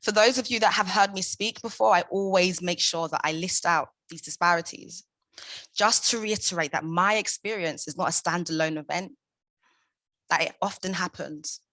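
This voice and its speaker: A young woman speaks at a conference in a low, forceful voice, pressing her points with passion and emphasis. The sound is close and dry, with no room around it. Her questions land hard and rhetorical. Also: moderate pace, dry recording. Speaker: conference speaker, founder of a maternal support group. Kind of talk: prepared conference talk.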